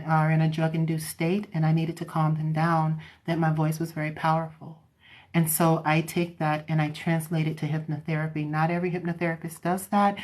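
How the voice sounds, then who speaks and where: Woman hypnotherapist, lowish voice, casual and chatty with viewers. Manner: chatty, loose, talks straight to viewers; slows down and softens her voice when demonstrating. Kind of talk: casual explanation to online viewers.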